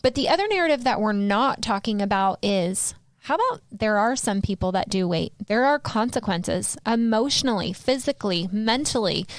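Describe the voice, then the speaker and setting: Earnest woman host, smooth voice. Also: medium pitch, no echo. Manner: earnest, questioning, many restarts. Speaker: podcast host. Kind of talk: casual discussion.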